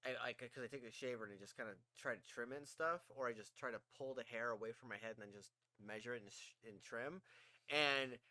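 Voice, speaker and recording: Man, podcast co-host, bright tense voice, dry close sound, casual rambling, laughs a lot. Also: mid-range voice, quick pace, no echo. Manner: laughs often, swears casually, rambling storyteller. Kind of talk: casual chat.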